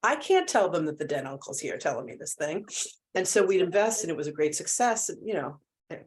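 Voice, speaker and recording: A low-pitched woman speaks as a guest in a candid conversation. She tells her stories vividly, slipping into the voices of the people she quotes. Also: a little fast. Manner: animated storyteller who acts out quoted voices. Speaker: guest, spiritual healer and channeler.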